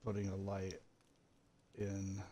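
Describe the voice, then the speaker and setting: A congested man talks quietly and mostly to himself while streaming a game. His voice sits fairly low, with a soft, unhurried delivery. A faint hiss of noise runs underneath. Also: completely flat delivery. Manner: quiet, musing half to himself. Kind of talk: casual livestream commentary while building.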